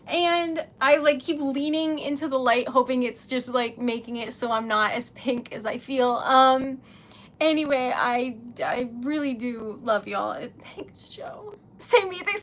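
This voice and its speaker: Giggly high-voiced woman, slow and emotional. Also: lively intonation, fairly bright tone. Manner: giggly, emotional, tearful gratitude. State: losing her voice. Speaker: livestream host. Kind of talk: casual livestream chat. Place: home at midnight.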